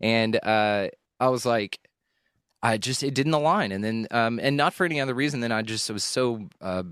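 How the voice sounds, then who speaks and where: A man hosting a podcast, talking candidly and emotionally about a hard stretch, rambling and swearing with frequent halting restarts. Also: medium pitch, a bit bright, clear, resonant tone, no echo, clean studio sound. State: emotional at times. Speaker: podcast host. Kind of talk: candid personal monologue.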